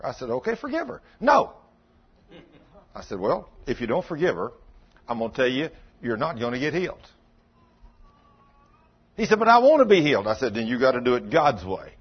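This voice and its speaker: A man's voice: mid-range voice, animated, brisk, husky, lo-fi sound. A man preaching a sermon in a folksy storytelling way, acting out both sides of past conversations. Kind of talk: sermon with acted-out dialogue.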